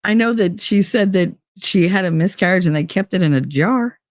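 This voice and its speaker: A woman's voice: on the low side, no echo, clean studio sound. A middle-aged woman hosting a podcast, telling a story in a blunt, profane, casual way and acting out both sides of each conversation. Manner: blunt, profane, quick to swear; acts out both sides of conversations in shifting voices. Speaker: podcast host.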